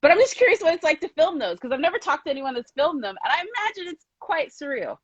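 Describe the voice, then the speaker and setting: A woman interviewer with a lively, swooping voice, gushing and chatty. The sound is dry and dull, like a lo-fi video call. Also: sits high, fast talker, dry recording. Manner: effusive, chatty, lots of "like". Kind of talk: casual interview chat.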